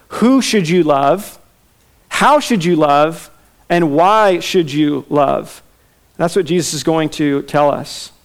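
Earnest preacher man with a high voice. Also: clear, resonant tone. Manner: earnest teaching, repeats key questions for emphasis. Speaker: pastor. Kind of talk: expository sermon.

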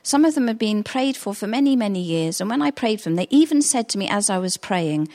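Woman, middle-aged, pastor, chatty earnest sermon, mid pitch. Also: animated, brisk, mellow.

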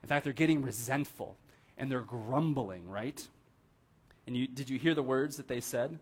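A young man preaching in a church, talking to the congregation as if chatting with friends. He keeps checking in with them and acts out the people he quotes with lively pitch swings. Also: moderate pace, husky. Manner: conversational, asks the room "right?" often, animated quoting. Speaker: pastor. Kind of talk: casual sermon. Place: church sanctuary.

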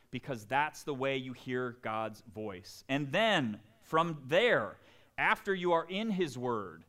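A man preaching a sermon in an animated, conversational way, full of jokes and asides. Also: medium pitch. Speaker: pastor.

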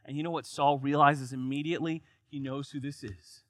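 A man's voice: medium pitch, fairly even intonation, a little fast, few pauses, no room sound. A man preaching a sermon, reading scripture aloud and then explaining it with rising emphasis.

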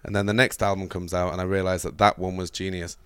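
A man with a deep voice talks fast and casually about music, full of enthusiasm and dry asides. The sound is close and dry, with no room around him. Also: little pitch movement, a bit bright, clear, resonant tone, no echo. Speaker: podcast co-host.

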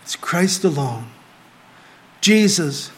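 A middle-aged man preaching a sermon as a pastor to a small group, earnest, rising to emphatic lines and dropping to quiet asides. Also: fairly high pitch, lively intonation, slow pace.

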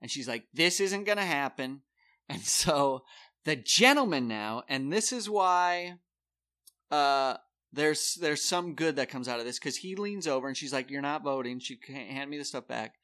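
A man with a bright, forceful voice tells a story in a relaxed, chatty way. He jumps into the voices of the people he is quoting. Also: mid-range voice, unhurried. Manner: animated storyteller, acts out quoted people. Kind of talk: casual storytelling chat.

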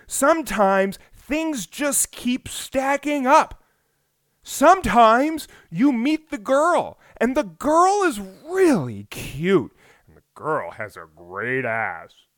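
A man riffing through a solo podcast monologue, his voice pitched high and leaping all over the place. He fires off rhetorical questions, going loud one moment and hushed the next. The sound is dry and close, with no room echo. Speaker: podcast host. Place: home on the US West Coast.

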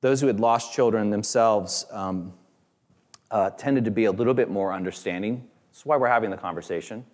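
A man preaching a sermon in a conversational, halting way with many fillers, lifting his voice when he quotes other people. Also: fairly low pitch. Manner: voice rises and grows louder when quoting others. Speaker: pastor.

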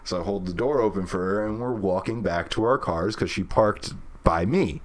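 A man's voice: low-pitched, normal speed. A young man from Brooklyn, telling a story in casual chat, swearing freely and filling with "like". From Brooklyn, New York. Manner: swears freely, rambling with lots of "like".

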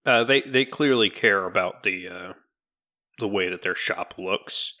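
Male game master, low bright voice, relaxed and jokey narration. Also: measured pace. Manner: joking, relaxed.

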